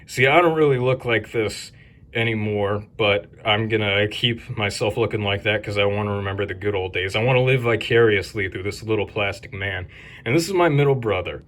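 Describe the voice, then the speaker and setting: A man's voice: fairly low pitch, a little fast, fairly bright tone. A man hosting a video, narrating a casual show-and-tell tour with crude, wisecracking jokes and rambling asides. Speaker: video host.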